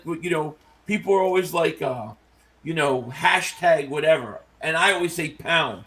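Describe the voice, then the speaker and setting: A man co-hosting a casual sports podcast, joking and animated, trailing off with fillers. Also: on the high side. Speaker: podcast co-host.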